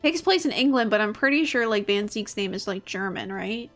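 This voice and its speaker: A woman's voice: medium pitch, animated, a little fast, fairly bright tone, soft background music. Chatty young woman streaming a game. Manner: rambling, swears casually, laughs often. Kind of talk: casual game-stream chat.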